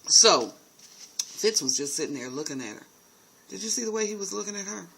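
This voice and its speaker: A sassy man with a high, bright voice recaps a TV episode in a chatty, gossipy way. He keeps calling his viewers honey and baby, and a faint hiss sits under the talk. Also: animated, brisk, vocal fry, low-quality recording. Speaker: TV recap host. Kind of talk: casual TV recap commentary.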